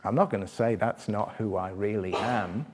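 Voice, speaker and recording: A middle-aged man preaching a sermon, asking his listeners direct questions and swinging between loud, quick passages and quiet, slow reflection. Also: lowish voice, steady tone, husky. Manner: rises loud and fast when stirred, drops quiet and slow to reflect.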